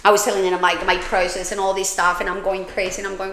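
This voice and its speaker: A woman's voice: mid-range voice, level tone, quick pace, hardly any pauses, a bit bright, a little hiss or hum. Candid, rambling woman in a roomy echo. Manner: candid, rambling, frequent swearing and fillers. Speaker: podcast host. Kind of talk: personal storytelling podcast.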